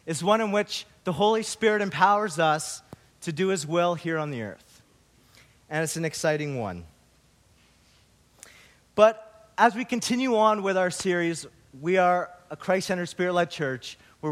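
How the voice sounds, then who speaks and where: A man pastor giving a sermon, opening with a story and then preaching slowly and earnestly. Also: high voice.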